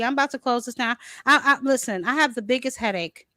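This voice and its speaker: A woman's voice: a little high, quick pace, sharp tone, no echo. A woman hosting a boxing livestream, ranting in exasperation and calling her viewers baby and honey. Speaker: livestream host. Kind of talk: heated casual livestream chat.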